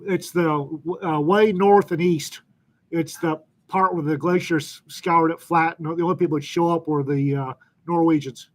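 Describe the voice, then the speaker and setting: A man's voice: on the high side, steady tone, normal speed, poor audio. Wry joking man in a group chat. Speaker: chat participant.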